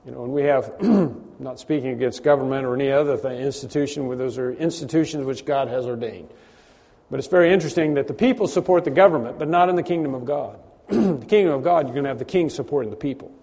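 A man preaching a conversational sermon, often clearing his throat and repeating words. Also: mid-range voice, fast, warm tone. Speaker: pastor. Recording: long hall reverb.

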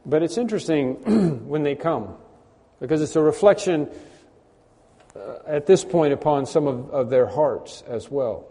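Man, pastor, conversational sermon, clears throat often, warm tone, slightly high. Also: animated, measured pace. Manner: conversational, repeats words, frequent throat clearing. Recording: long hall reverb.

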